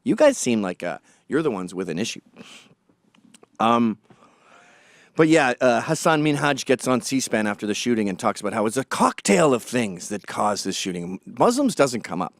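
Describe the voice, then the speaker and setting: A man's voice: mid-range voice, very animated, moderate pace, no room sound, studio quality. A man delivering a sarcastic, combative opinion monologue as a political commentator.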